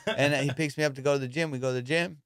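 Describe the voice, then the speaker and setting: A man hosting a casual comedy podcast, telling profane, animated stories about boxing. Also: mid-range voice, very fast, dry recording, clean studio sound. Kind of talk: casual storytelling chat.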